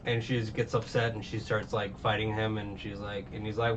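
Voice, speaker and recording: A man's voice: on the low side, little pitch movement, fairly quick. Young male reviewer, loose rambling recap, muffled distant mic with faint hiss. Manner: rambling with many fillers and restarts. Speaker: anime reviewer. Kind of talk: casual recap chat.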